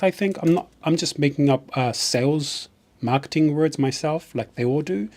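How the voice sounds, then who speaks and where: A man's voice: mid-range voice, a little mellow. Rambling chatty New Zealand man. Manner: rambling, chatty, restarts often. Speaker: live streamer. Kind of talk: casual live stream chat.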